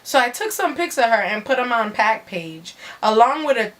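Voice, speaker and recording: Woman, fairly high voice, brash, profane slang, dramatic story reading. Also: sing-song, moderate pace, fairly bright tone.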